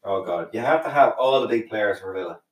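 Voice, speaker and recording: A man's voice: on the low side, lively intonation, fairly quick, recorded from a distance. A man co-hosting a casual football podcast, chipping in often with questions. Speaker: podcast co-host. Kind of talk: casual sports podcast chat. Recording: echoey, off the mic.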